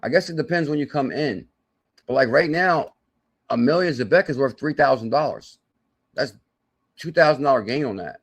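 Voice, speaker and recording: A man hosting a live crypto stream, talking in an excitable, salesy way with loud outbursts, thinking aloud as he works through sums and reads the viewer chat. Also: medium pitch, normal speed, long pauses. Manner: thinks aloud while doing sums and checking charts. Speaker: crypto channel host.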